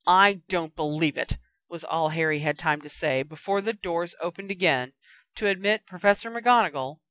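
A woman with a fairly low voice reads a story aloud in an even, measured way. The recording is close and dry. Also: no echo. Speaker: audiobook reader. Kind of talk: scripted story narration.

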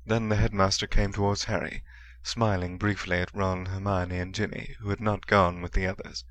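A man narrating a fantasy audiobook in a steady storytelling manner. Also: sits low, moderate pace, no echo. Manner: steady storytelling with soft character voices. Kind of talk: scripted narration.

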